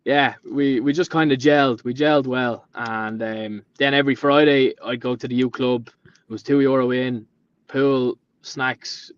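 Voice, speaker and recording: A man's voice: medium pitch, no room sound. Rambling Dublin man in his late twenties. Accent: Dublin Irish. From Ireland. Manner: rambling storyteller who acts out quoted dialogue. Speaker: podcast guest, painter and decorator. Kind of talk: casual chat. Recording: dull lo-fi sound.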